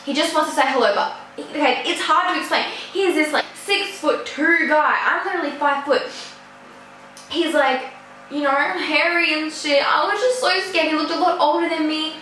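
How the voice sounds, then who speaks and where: A woman's voice: high-pitched, sharp tone, a little hiss or hum. A teenage girl, telling a story in a chatty, rambling way full of fillers. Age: teens. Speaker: vlogger. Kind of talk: casual storytime. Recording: echoey room.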